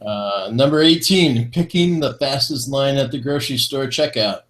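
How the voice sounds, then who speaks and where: Medium in pitch and fairly bright, this man speaks at a moderate pace while co-hosting a relaxed online vaping talk show. His reading of an uplifting list is upbeat, broken up by chuckles and groan-worthy jokes.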